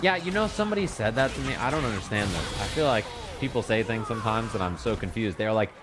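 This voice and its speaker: A man's voice: on the low side, expressive, fast, loud music behind the voice. A man commentating a fighting game stream in a laid-back, conversational way. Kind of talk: esports commentary.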